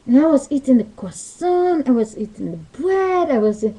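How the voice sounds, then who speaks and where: A woman's voice: high voice, very animated, normal speed, dark tone, poor audio. A woman telling a rambling story into her webcam in loose, non-native English grammar. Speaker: vlogger. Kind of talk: casual storytelling monologue. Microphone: webcam mic.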